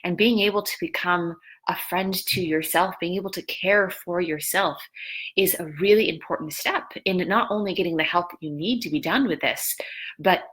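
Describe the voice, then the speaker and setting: A woman's voice: fairly low pitch, normal speed, fairly bright tone, low-quality recording. A woman coach and host telling an earnest, confessional personal story on a live stream, repeating phrases for emphasis. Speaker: lifestyle coach and show host.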